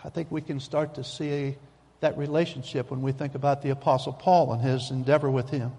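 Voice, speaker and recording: A man's voice: medium pitch, little pitch movement, fairly quick, mellow, breathy edge. A man preaching a sermon in a folksy, emphatic way, repeating his key phrases, in a church sanctuary. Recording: long hall reverb.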